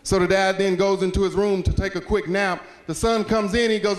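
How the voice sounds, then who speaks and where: A man giving an animated storytelling speech with long, preacher-like pauses. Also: high-pitched. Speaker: speaker. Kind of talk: storytelling speech to a school audience. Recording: echoey hall.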